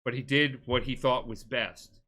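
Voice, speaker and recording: A man's voice: mid-range voice, fairly even intonation, moderate pace, sharp tone. A tipsy man rambling through a game plot on a casual podcast, full of filler words and restarts. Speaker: podcast co-host.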